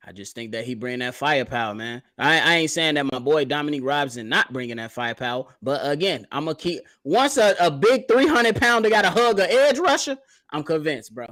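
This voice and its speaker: Lively, easygoing man in sports talk. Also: a little high, brisk. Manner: laughs often, easygoing slang. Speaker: sports podcast co-host. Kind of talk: casual sports debate.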